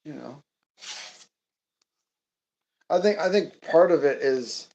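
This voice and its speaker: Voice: medium pitch, expressive, takes it slowly, creaky, mellow, dull audio. A cooking streamer chatting casually and playfully, often chanting little words in a sing-song way.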